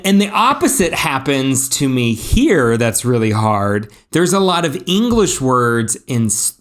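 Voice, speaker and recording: Chatty man co-hosting a podcast. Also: medium pitch. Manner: animated storyteller, chatty with fillers. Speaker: podcast co-host. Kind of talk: casual podcast chat.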